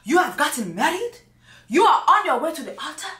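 Indignant African mom scolding her son, high-pitched, echoey room, a woman doing the voice. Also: very animated, a little fast, fairly bright tone. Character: stern middle-aged African mother, outraged.

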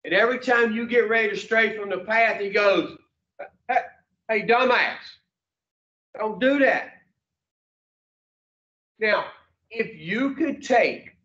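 Man preaching slow and blunt. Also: sits high, fairly bright tone. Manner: folksy, profane, asks the room questions. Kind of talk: blunt motivational talk to a group. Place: room with a small audience. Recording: roomy, distant, dull mic.

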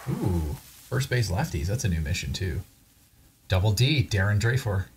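Over loud background music, a very noisy recording captures a gaming channel host opening card packs and chatting casually. His lowish voice moves in big pitch swings at a normal speed, and he muses aloud with wry self-deprecation.

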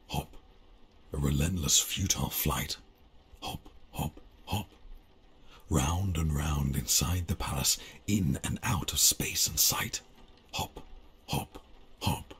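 An actor voicing an ominous male storybook narrator in a game, reading in a deep, breathy, whispery way. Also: slow, a bit bright, heavily acted.

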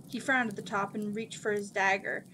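A woman's voice: mid-range voice, fairly even intonation, moderate pace, sharp tone, slight background noise. Woman reading a fantasy book aloud. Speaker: reader.

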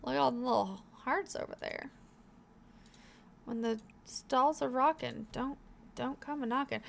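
A woman's voice: a little high, normal speed, gravelly. A young woman hosting a let's play, giving casual gameplay commentary in a chatty, encouraging way as she thinks aloud.

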